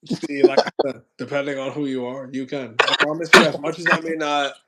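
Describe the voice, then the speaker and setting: A young man talks with a friend on his stream in a loose, rambling way. He drifts into reflection and lets sentences fade off quietly. His pitch sits in an ordinary middle range. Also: little pitch movement, a little fast. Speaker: channel host. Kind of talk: casual chat on a stream.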